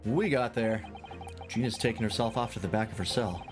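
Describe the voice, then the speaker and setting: A man streaming a story game, reading the lead's lines and narration in a measured, plain way. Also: lowish voice, soft background music. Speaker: streamer voicing a game's story.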